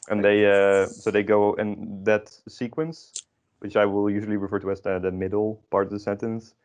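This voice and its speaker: A man's voice: lowish voice, level tone, normal speed, darkish tone. A man teaching an online grammar lesson, explaining patiently with many ums and restarts. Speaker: Dutch language teacher.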